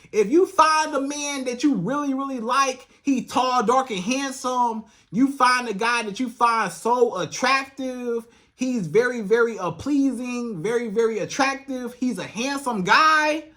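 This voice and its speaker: A woman relationship coach giving direct, emphatic advice to camera, repeating herself for stress and acting out quoted voices, with speech. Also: fairly high pitch.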